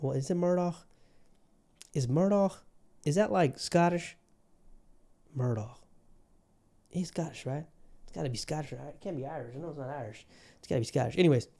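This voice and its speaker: A man's voice: mid-range voice, vocal fry, a little mellow. A man hosting his own podcast in a put-on Southern US accent, talking in a rambling, profane, fired-up way. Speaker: podcast host. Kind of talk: casual solo podcast monologue.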